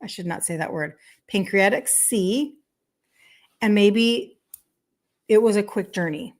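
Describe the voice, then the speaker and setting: A woman's voice: medium pitch, moderate pace, darkish tone. A woman in her fifties, a health coach, talking casually on a live stream, emphatic and chatty, repeating key points and checking in with "okay?". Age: 50s. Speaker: health coach hosting a weekday live show.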